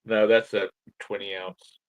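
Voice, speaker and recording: A man's voice: fairly low pitch, flat delivery, unhurried, rough recording. A man co-hosting a live stream, chatting in a laid-back, wry way. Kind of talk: casual live-stream chat.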